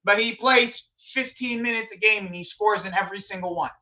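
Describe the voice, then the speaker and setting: A young man hosting a football watch-along stream, chatting casually in an animated, slangy way and laughing often. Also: sits high, a little fast, poor audio. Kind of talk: casual live commentary chat.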